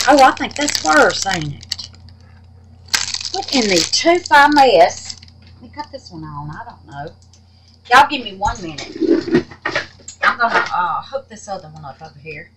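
A woman's voice: medium pitch, big pitch swings, unhurried, pauses often. A woman chatting to her viewers about her resin crafts, calling them babies and honey. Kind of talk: casual chat to viewers. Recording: noisy home recording.

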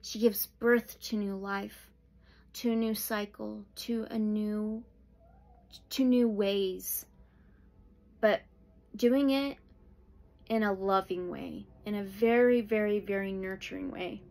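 A woman giving a pick-a-pile tarot reading, slow and soothing, with sudden excited outbursts. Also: medium pitch, creaky. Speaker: tarot reader.

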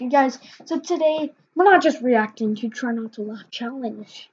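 A woman's voice: a little high, normal speed, husky, muffled recording. A woman hosting a casual reaction video, rambling with hesitant fillers and restarts.

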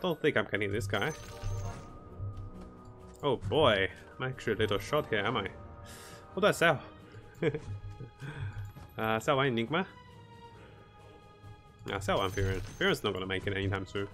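A man's voice: lowish voice, animated, moderate pace, pauses often, a bit bright, faint music behind. A man streaming a strategy game, thinking his moves aloud, greeting viewers and chuckling often. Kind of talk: live gameplay commentary.

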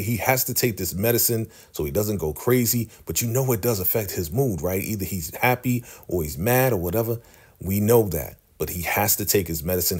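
A man giving a chatty, animated recap of a TV episode. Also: low voice, slightly rough. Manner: chatty, animated, laughs often. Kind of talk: casual TV recap.

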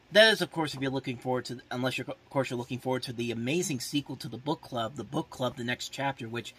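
Rambling through a casual movie preview, this male podcast host leans on "like" fillers and keeps restarting. His voice is medium-pitched and fairly bright, and he makes no secret of his strong opinions or his exasperation with the films.

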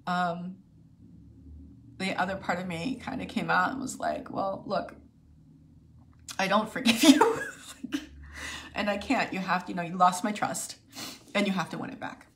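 A woman speaking to her viewers, telling a personal story in a halting, emotional way with many restarts. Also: on the low side, fairly bright tone, a little hiss or hum. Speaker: video host sharing a personal story.

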